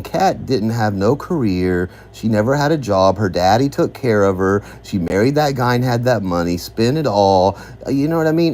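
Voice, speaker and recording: Low-voiced man ranting with laughs. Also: a little mellow. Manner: rambling, laughing, accusatory. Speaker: commentator on an online feud. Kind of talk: casual rambling commentary.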